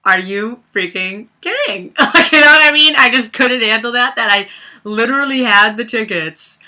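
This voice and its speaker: A woman's voice: fairly high pitch, normal speed, pushed and bright. A young woman chatting casually on a livestream, telling stories with lots of fillers and laughs. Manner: chatty storyteller, many fillers, laughs often. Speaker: livestream host. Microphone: webcam or phone mic.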